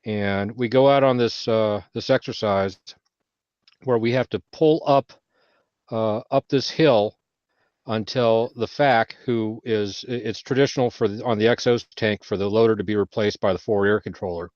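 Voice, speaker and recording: A man on a veterans' panel telling a service story in casual chat, swearing freely and getting loud when he quotes himself. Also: fairly low pitch, fairly even intonation, normal speed, no room sound. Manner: heavy profanity, loud bursts when quoting himself. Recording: dull lo-fi audio.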